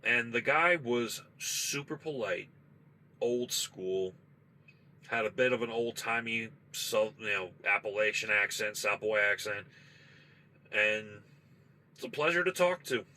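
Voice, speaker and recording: A man's voice: on the low side, measured pace, bright, forceful tone, slight background noise, low-quality recording. A man, a trucker, telling a spooky story in a loose, profane, conversational way from his parked truck. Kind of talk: casual spoken storytelling.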